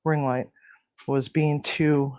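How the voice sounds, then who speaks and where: A woman's voice: low-pitched, level tone, takes it slowly, mellow, no echo. A woman hosting a casual home cooking video, rambling and chatty, cooing at her pets. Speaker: home cooking show host. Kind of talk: casual cooking and pet chat.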